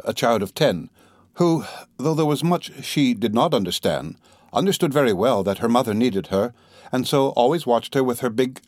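A man reading a classic novel aloud in a measured, even storytelling manner on a close mic. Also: mid-range voice, no room sound. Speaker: audiobook narrator. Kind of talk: scripted narration of a classic novel.

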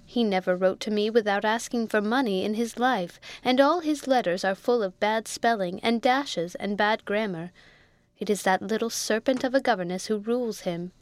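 An imperious rich old spinster aunt, peevish and scornful, put on by a woman reading aloud. She talks higher and louder than plain narration, in a dry close recording. The manner is haughty and cutting. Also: normal speed, no echo, close to an everyday voice.

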